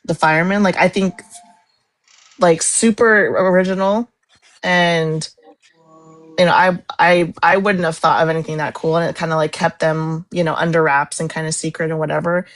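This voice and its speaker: Excitable woman co-hosting a book chat. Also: lowish voice, dry recording. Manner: excitable, dramatic, quick to laugh. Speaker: book club co-host. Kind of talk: casual live-stream chat.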